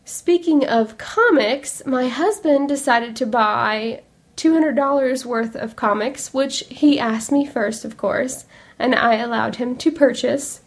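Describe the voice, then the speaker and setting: A woman's voice: sits high, slow pace. A young woman hosting a podcast, a little congested, chatting in a rambling, upbeat way. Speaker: podcast host. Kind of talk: casual chat.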